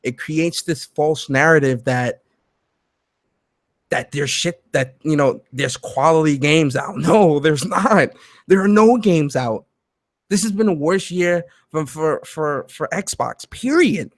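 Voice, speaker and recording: A man hosting a live gaming talk show from home, animated and profane, laughing loudly and reading chat messages aloud. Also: on the high side, takes it slowly, no room sound. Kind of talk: live-streamed commentary chat.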